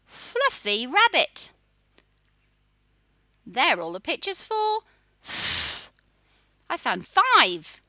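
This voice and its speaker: Slow, bright-voiced woman teaching phonics. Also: high-pitched, wildly swooping pitch, no echo. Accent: Australian. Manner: slow, sing-song, sounding out letters for children. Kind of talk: children's phonics lesson.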